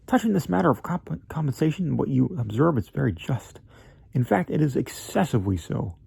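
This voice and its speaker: A man's voice: mid-range voice, lively intonation, fairly quick, vocal fry, dark tone, slightly rough, dry recording, voice pushed up, exaggerated voice. A man voicing a fawning, evasive male magazine editor who hedges, stalls and sometimes slips into a whisper. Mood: wheedling. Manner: wheedling, hesitant, drops to a whisper. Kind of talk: dramatic reading of a classic story.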